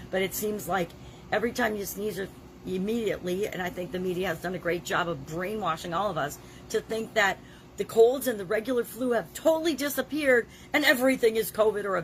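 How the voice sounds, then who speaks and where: A woman's voice: medium pitch, brisk. A woman in her sixties with a cold and a scratchy throat, talking in a daily video journal in an emphatic, plain-spoken way, coughing now and then. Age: 60s. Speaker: vlogger.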